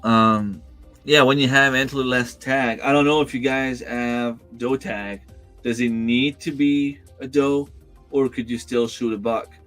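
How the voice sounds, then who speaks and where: A man's voice: medium pitch, fairly even intonation, measured pace, fairly bright tone, soft background music. A man hosting a casual livestream from home, chatting with viewers and answering their comments in a rambling way, with lots of fillers and restarts. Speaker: livestream host. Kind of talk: casual live-chat reading comments. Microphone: desk microphone.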